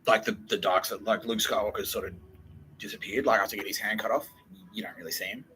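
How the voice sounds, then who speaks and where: A young man hosting a podcast, rambling through a profane, excitable solo monologue that jumps from idea to idea. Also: lowish voice, a little hiss or hum, rough recording. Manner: profane, excitable, fast-shifting and digressive. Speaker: podcast host.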